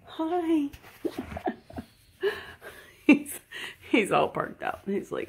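Woman, very slow, gravelly cooing baby talk to a pet, filmed at home on a camera; noisy audio. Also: high-pitched, sing-song. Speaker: dog owner filming her pet. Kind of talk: casual vlog talk to a pet. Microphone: handheld camera.

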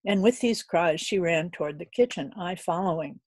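Woman reading an old novel aloud, warm soft breathy voice, dry close mic, slips now and then. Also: on the low side, normal speed, no room sound. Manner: earnest, unpolished reading with occasional slips. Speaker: audiobook reader. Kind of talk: classic novel narration.

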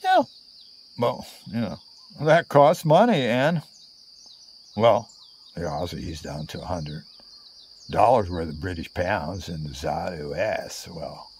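A male storyteller spinning a long travel yarn at an unhurried pace. His pitch swings lively up and down as he rambles through fillers and side remarks. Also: slight background noise. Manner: meandering, full of fillers and asides. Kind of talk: casual spoken storytelling.

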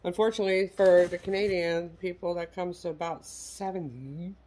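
A dark, fairly low voice with a steady tone and normal speed belongs to this middle-aged American woman. As an online reseller, she casually displays handbags for sale, sounding folksy and self-deprecating.

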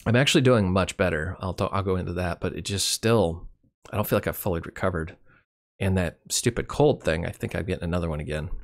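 A man's voice: deep voice, vocal fry. A middle-aged man and grandfather telling a rambling, wry personal story in a casual vlog, sounding winded and tired. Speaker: channel host. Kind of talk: casual personal year-in-review.

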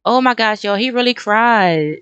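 A young woman hosting a life-sim let's play, talking casually and excitedly straight to her viewers, often breaking into exclamations. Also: on the high side, moderate pace, smooth, muffled recording. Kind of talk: casual gameplay commentary.

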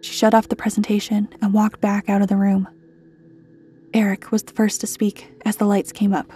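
A woman reads a scripted horror story in a measured, even way. Her voice is mellow and warm, with a husky edge. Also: mid-range voice, soft background music.

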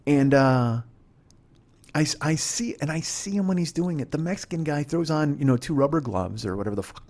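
A man's voice: on the high side, animated, fairly quick, a little mellow. A male comedian hosting a podcast, telling a rambling story in a profane, self-deprecating way.

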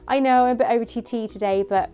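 A woman's voice: a little high, warm tone, dull audio. Giggly woman gushing over a prop. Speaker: vlogger reviewing a prop replica. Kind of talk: casual product review chat.

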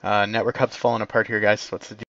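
A man's voice: fairly low pitch, little pitch movement, fast, gravelly, fairly bright tone, dry recording, muffled recording. A man commanding teammates over game voice chat in clipped, radio-style orders. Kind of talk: voice comms, giving orders.

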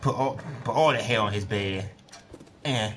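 This gaming streamer has a fairly low voice and talks at a normal speed, chatting, joking, and cursing freely as he addresses the screen. Loud game music sits behind his casual commentary, along with slight background noise.

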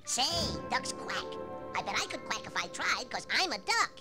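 A cheeky little woodpecker with a high, squeaky cartoon voice that leaps wildly up and down. He sounds excitable and boastful. Loud music plays under the vintage storybook record. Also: moderate pace. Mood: delighted.

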